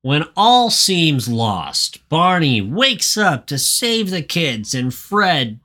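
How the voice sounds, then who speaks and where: A man's voice: fairly high pitch, very animated, slow pace, sharp tone. A man co-hosting a podcast, recapping a story in a casual, profane, rambling way. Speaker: podcast co-host. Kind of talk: casual chat.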